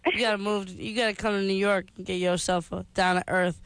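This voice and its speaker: A man's voice: high-pitched, level tone, fairly quick, a bit bright, slight background noise. A man on a radio call-in show voicing a sassy, streetwise woman who calls everyone girl and answers callers in brash slang. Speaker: co-host. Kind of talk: comic radio call-in banter.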